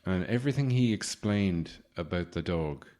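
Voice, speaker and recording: A man's voice: low voice, lively intonation, normal speed, mellow. A man hosting a podcast, giving a comedic monologue in a sardonic, rambling way with swearing. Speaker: podcast host.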